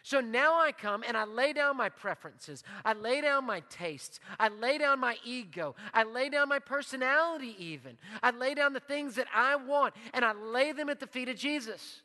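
A man preaching a sermon as pastor, emphatic, leading the congregation in repeated phrases and dropping to a hushed voice in prayer. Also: very high voice, lively intonation, moderate pace, few pauses. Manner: leads call-and-response repetition. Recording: long hall reverb.

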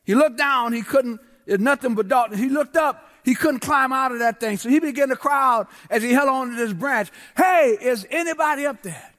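High-voiced preacher in a reverberant church. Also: male voice, fairly quick, few pauses, a bit bright. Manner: rhythmic preaching with repeated refrains and call to the congregation. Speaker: guest pastor. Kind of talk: sermon. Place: large church. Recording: long church hall reverb.

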